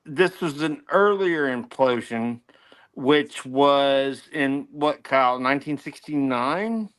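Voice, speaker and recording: A man's voice: mid-range voice, lively intonation, slow pace, fairly bright tone, smooth. A man co-hosting a casual talk show, enthusiastic and fond of quizzing his co-hosts with questions. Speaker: co-host. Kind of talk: casual chat.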